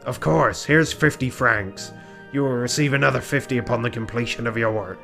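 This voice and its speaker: A man's voice: medium pitch, normal speed, vocal fry, sharp tone, soft background music. A man voicing a stern, pompous male bird police inspector in a strained, forced official tone. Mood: commanding.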